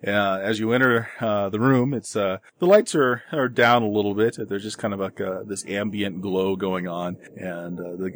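Game master, male, lowish voice, halting delivery full of fillers, dry close sound. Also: fairly even intonation, no room sound. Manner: halting, many filler words. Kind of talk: narrating a tabletop game.

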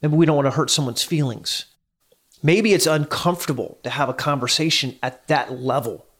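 A man in his forties talks through ideas on his own, pausing to check in with listeners and saying key lines twice. His voice sits a bit high for a man. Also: a bit bright. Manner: conversational, asks listeners questions, repeats for emphasis. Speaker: podcast host. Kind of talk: reflective solo talk.

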